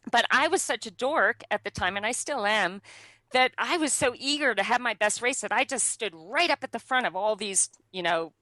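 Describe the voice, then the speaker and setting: A young adult woman, a guest, telling a personal story in an animated way, laughing often and using many fillers. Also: fairly high pitch, normal speed, no echo. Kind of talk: conversational storytelling.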